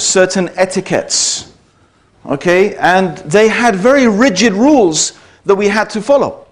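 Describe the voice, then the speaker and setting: British male speaker with a high voice, addressing a live audience in a chatty lecture style. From Britain. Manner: conversational, checks in with the audience. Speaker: speaker giving a talk to an audience. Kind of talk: public lecture.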